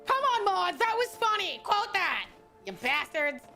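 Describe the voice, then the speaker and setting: A young woman streaming a game, chatting casually with crude, teasing humor and loud bursts of laughter. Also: very high-pitched, big pitch swings, a little slow, faint music behind.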